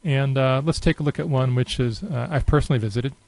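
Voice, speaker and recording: A man records an unscripted, casual software tutorial on screen, talking through his thoughts with plenty of fillers. His mid-range voice is fast and creaky, and the audio quality is poor.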